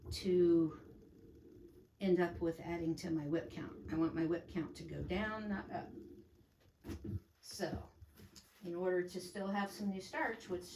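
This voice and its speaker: A woman's voice: lowish voice, darkish tone, slight background noise. A middle-aged woman hosting a crafting channel, chatting casually and rambling about her stitching projects, often correcting herself mid-sentence. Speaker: cross stitch channel host. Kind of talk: casual crafting vlog chat. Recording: echoey room, voice a bit far from mic.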